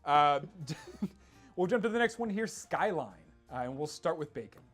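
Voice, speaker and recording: A male host running a relaxed gaming panel, his voice leaping up and down as he laughs through the segment. Soft music plays faintly behind him. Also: moderate pace. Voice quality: lively, laughs often, animated pitch swings. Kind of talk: casual panel chat.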